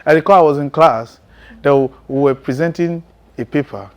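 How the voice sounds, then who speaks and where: A man's voice: fairly high pitch, moderate pace. Male preacher, testimony sermon, intense and emphatic, chuckles often.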